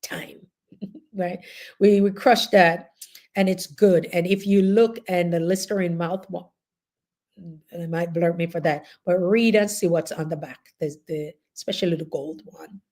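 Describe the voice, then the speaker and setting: In a casual group chat she hosts, a middle-aged Jamaican-accented woman talks unhurriedly in a lowish voice. She's animated and laughing, spinning chatty stories.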